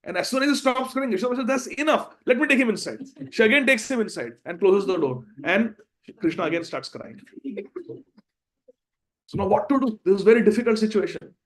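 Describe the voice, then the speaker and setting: A man retelling a devotional story in an animated way, with chuckles. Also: high-pitched, brisk. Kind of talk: storytelling sermon.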